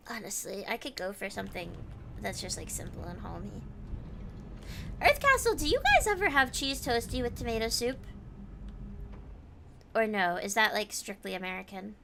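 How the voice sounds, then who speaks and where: A woman's voice: mid-range voice, sing-song, normal speed, gravelly, background noise. A woman streamer chatting casually while gaming, reading viewer comments aloud and answering them.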